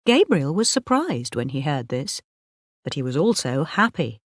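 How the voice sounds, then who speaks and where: A woman narrating an audiobook for English learners, reading slowly, clearly and expressively. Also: sits low, sing-song, no echo, clean studio sound.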